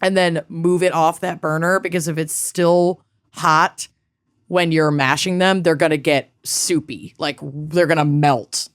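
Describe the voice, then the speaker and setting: A woman's voice: low-pitched, steady tone, measured pace, clear, resonant tone, no echo, clean studio sound. A woman co-hosting a podcast in casual chat, talkative and blunt, swearing freely. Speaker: podcast co-host.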